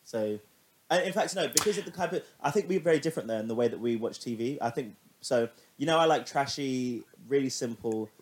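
A man in casual podcast chat, chatty and animated, swearing freely as he tells stories. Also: medium pitch, a little fast. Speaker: podcast co-host.

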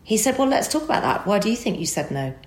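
A woman telling an emotional personal story as a guest, animated and acting out the dialogue. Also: mid-range voice, quick pace, roomy sound.

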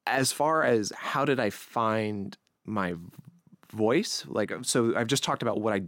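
Male podcast host, faint Long Island accent, lowish voice, relaxed chatty delivery, dry close recording. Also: measured pace, dry recording. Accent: light Long Island. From New York, Long Island. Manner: relaxed, chatty, many restarts. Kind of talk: conversational interview.

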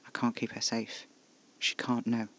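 A man voicing a calm, gentle male vampire who speaks in a hushed, soft-spoken way. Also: medium pitch, measured pace, no echo. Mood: hushed, grave.

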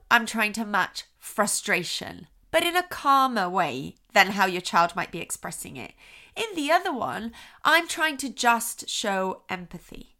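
A woman hosting a parenting podcast, explaining advice and acting out short voice examples. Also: a little high. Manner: expressive, acts out soothing and frustrated voices as examples.

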